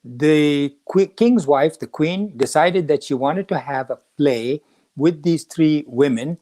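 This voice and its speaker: A man hosting a talk on the Gita, telling a story and acting out the quoted lines with lively shifts of voice. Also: fairly high pitch, slow pace. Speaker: podcast host teaching the Gita.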